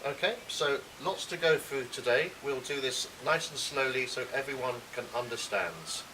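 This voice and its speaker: A man co-hosting a casual lesson, explaining words slowly and repeating examples. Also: medium pitch, lively intonation. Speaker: English teacher, co-host. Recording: hissy recording from a distance.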